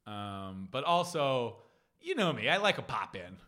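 A man co-hosting a casual chat, animated and joking, swearing casually. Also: medium pitch, measured pace. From Philadelphia. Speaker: podcast co-host.

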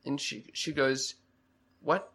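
A young man telling a story on a casual podcast chat, halting and stammering with many restarts. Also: medium pitch, steady tone, fairly bright tone. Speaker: podcast co-host.

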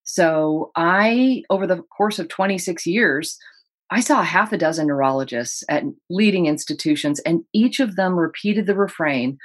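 A woman with a lowish voice tells her own story in an interview. She speaks earnestly and paints the moments vividly for the listener. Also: moderate pace. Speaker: guest, author.

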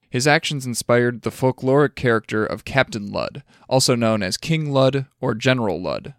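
A man reads an audiobook into a close, dry mic, his mid-pitched voice carrying a gravelly edge. He trips on tricky names, curses at himself and repeats them in take after take. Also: lively intonation, normal speed, no echo. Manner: stumbles on names, swears and retries. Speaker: audiobook narrator. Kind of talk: audiobook reading with bloopers and retakes.

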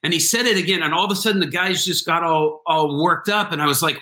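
A fervent man with a bright, forceful voice pitched a little high, recounting stories as a podcast guest. He talks earnestly and halts with fillers mid-thought. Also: quick pace, few pauses. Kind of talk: casual interview storytelling.

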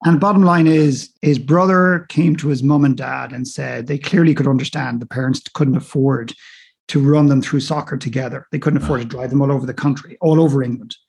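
A man, a coach and podcast guest, telling stories in lively conversation and acting out both sides of remembered exchanges. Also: medium pitch, a little fast, vocal fry, breathy edge. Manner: animated, acts out both sides of dialogues. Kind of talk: conversational storytelling. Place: remote call.

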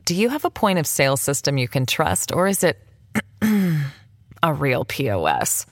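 Ad read: woman, low and lively voice, upbeat sales pitch, dry booth sound. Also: brisk, no room sound. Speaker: ad reader. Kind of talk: scripted radio ad read.

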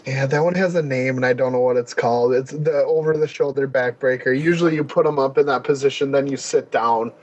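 A man's voice: mid-range voice, fairly even intonation, a little fast, few pauses, highs cut off. A man co-hosting a casual podcast chat about wrestling, enthusiastic and rambling with fillers. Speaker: podcast co-host.

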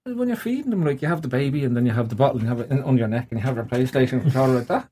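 A man's voice: mid-range voice, lively intonation, racing, mellow, slight background noise. An Irish man hosting a casual chat podcast, joking and rambling into big exaggerations. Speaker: podcast host.

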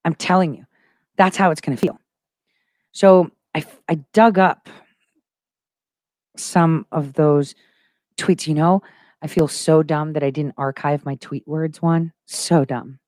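A woman's voice: low-pitched, fairly even intonation, a little slow, long pauses, a little mellow, no echo. Woman, livestream host, emphatic, repeats key words, full of conviction, dry close recording. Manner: emphatic, repeats phrases for stress. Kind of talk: casual livestream talk.

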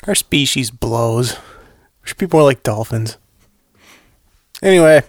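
A man co-hosting a casual podcast, animated and quick to swing from jokes to disbelief. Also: mid-range voice, dry recording, clean studio sound. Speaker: podcast co-host. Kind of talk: casual drinking podcast chat.

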